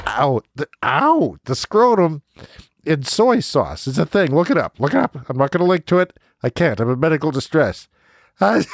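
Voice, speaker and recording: Man, comedy podcast host, lively swooping pitch, self-mocking and excitable, dry close mic. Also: no echo. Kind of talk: rambling comedic monologue.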